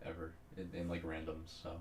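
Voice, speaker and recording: A man with a very deep voice talks through his gameplay with a coach, stumbling and restarting as he admits his weak spots. Faint background noise runs under his voice. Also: completely flat delivery, a little mellow. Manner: self-deprecating, halting with repeated restarts. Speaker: player being coached. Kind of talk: casual chat.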